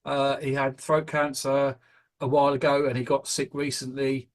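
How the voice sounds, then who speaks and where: Rambling British podcast host. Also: male voice, medium pitch, flat delivery, normal speed. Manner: rambling, hesitant, many fillers. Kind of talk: casual podcast chat.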